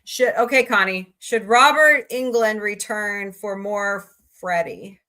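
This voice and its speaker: Lady streamer, slow easygoing chat, jokey, talks back to chat comments. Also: medium pitch, bright, forceful tone. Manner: chatty, jokey, reads and answers viewer comments. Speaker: livestream host. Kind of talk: casual live-stream chat.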